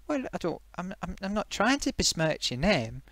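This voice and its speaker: A man's voice: high voice, big pitch swings, moderate pace, fairly bright tone, dry recording, exaggerated voice. A man voicing a rambling sock-puppet host. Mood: defensive. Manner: rambling, hesitant, lots of fillers. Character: gloating male sock puppet host, eager and defensive. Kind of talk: comedic puppet live stream.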